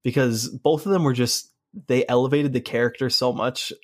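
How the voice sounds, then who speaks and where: A man co-hosting a podcast in casual chat, gushing with enthusiasm, with a gravelly voice. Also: medium pitch, steady tone, moderate pace, no room sound, studio quality. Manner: enthusiastic, gushing fan talk. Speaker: podcast co-host.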